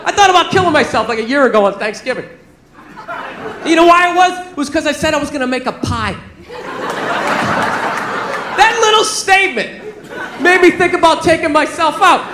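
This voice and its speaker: A man, from the American South, doing animated stand-up comedy with shouted punchlines on a club stage. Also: extremely high pitch, normal speed, long pauses. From Southern United States. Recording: echoey room, crowd laughter, noise. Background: audience laughter.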